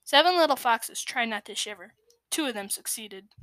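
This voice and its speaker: A woman's voice: fairly high pitch, no room sound. Woman reading a storybook aloud. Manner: expressive, measured, dips into hushed tones. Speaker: storybook reader. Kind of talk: scripted narration of a children's story.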